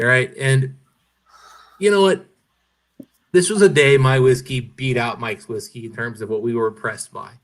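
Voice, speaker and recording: A man in casual chat, telling an animated story and swearing freely. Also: medium pitch.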